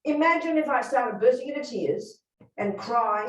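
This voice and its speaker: A woman's voice: fairly high pitch, animated, normal speed, recorded from a distance. A Buddhist nun teaching a live workshop, speaking bluntly and emphatically and putting direct questions to her listeners. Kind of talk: teaching talk to a live group. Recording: roomy hall, speaker away from the mic.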